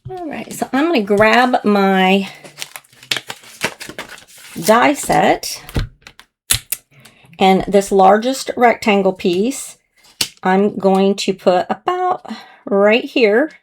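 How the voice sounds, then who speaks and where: A woman talks through a card-making demo in an easy, chatty way, a touch hoarse. Her voice sits at a middling pitch and stays gentle and conversational as she works. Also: animated, very slow, long pauses, a little hiss or hum. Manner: chatty, gentle, talks while working with hands. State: slightly hoarse, clearing throat. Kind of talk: casual crafting tutorial narration.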